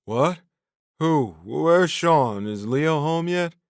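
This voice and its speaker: A man voicing a stoned, confused, tearful young man who shouts and pleads in a raised, slurring voice. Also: on the high side, expressive, very slow, clean tone, no room sound, clean studio sound, voice pushed up, exaggerated voice. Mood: drunkenly pleading.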